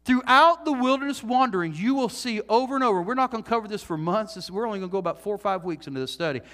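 A male pastor delivering an earnest, animated sermon, full of repeated phrases and questions put to the congregation. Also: sits high, quick pace. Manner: earnest, animated preaching with repetitions and rhetorical questions. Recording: reverberant hall.

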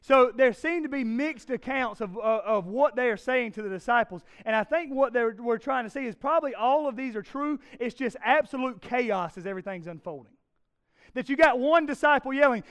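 A man in his thirties preaching a sermon, swinging from hushed tones to loud emphasis and asking the congregation rhetorical questions. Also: very high voice, moderate pace, clean tone. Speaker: pastor.

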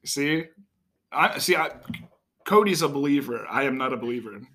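A man's voice: medium pitch, expressive, normal speed, bright, forceful tone. A young man co-hosting a podcast in casual chat, joking and teasing with a lot of swearing. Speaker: podcast co-host.

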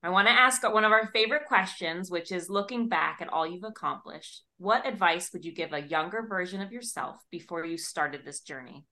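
A woman's voice: on the low side, brisk, few pauses, pushed and bright. A woman co-hosting a podcast, enthusiastic and effusive in her reactions. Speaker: podcast co-host. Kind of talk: casual chat.

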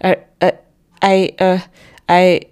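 A woman's voice: high-pitched, big pitch swings, normal speed, creaky, a little mellow, voice pushed up, full character voice. Woman voicing a frightened, stammering young woman. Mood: pleading. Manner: stammering, desperate and whimpering.

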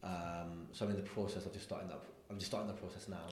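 A male stand-up comedian talks fast and casually, slipping into the voices of the people in his anecdotes. His voice sits a little low. The recording has a noticeable room echo. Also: slight background noise. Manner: animated storyteller, acts out people in anecdotes. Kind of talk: casual interview chat.

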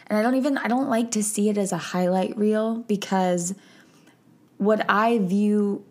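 Woman, podcast host, slow unhurried delivery, teary, heartfelt reflective monologue. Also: mid-range voice. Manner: slow, emotional, tearful at times.

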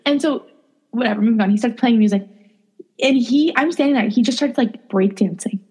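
A young woman co-hosting a podcast, telling dating stories in a casual, animated way, acting out quotes and saying "like" a lot. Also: on the high side, brisk, slightly rough. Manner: animated, acts out quotes, lots of "like". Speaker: podcast co-host. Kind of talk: casual storytelling chat.

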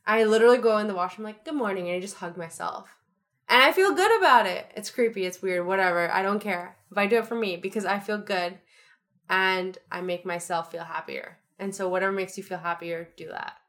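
A woman's voice: medium pitch, a little fast, fairly bright tone. Young woman podcast host, chatty and upbeat, giving pep talk vibes. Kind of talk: casual chat.

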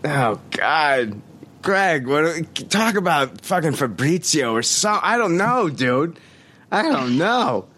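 A man's voice: fairly high pitch, very animated, slow, fairly bright tone, slightly rough. A man hosting a podcast in casual chat, ranting in an exasperated, profane way. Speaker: podcast host.

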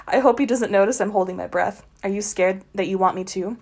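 A woman's voice: mid-range voice, normal speed, a little mellow. A woman co-hosting a podcast, reading a trashy novel aloud with sarcastic, giggly asides. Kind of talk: mocking dramatic reading with commentary.

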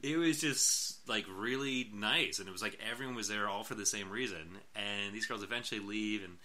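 A man's voice: lowish voice, fairly quick, bright, forceful tone. A man in his late thirties telling a long rambling story in casual chat, laughing often and acting out what people said. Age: late 30s.

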